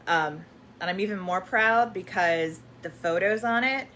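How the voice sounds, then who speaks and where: A woman's voice: mid-range voice, a little slow, sharp tone, slight background noise. A woman hosting a live question-and-answer stream, talking casually and rambling with many fillers and restarts.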